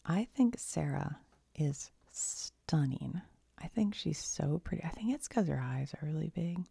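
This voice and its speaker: Gravelly, low-voiced woman in soft-spoken ASMR. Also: dry recording. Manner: rambling, giggly, drifting between soft speech and whispers. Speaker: ASMR creator.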